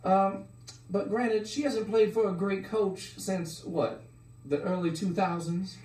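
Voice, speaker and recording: A man co-hosts a spoof hockey show, breaking down trades with cocky, crude flair. His voice sits a little high. The room echoes and the mic is some way off. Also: steady tone, takes it slowly, a little mellow. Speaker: sports show co-host. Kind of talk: mock sports analysis comedy. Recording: roomy sound from a distance.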